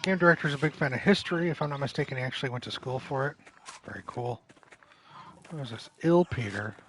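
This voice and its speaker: A man's voice: mid-range voice, fast, slight background noise, low-quality recording. A man casually commenting while streaming a game, chatting with and teasing his viewers. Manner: chatty, teasing the chat, bursts into loud impressions. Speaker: livestreamer playing a game. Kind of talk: casual live gameplay commentary.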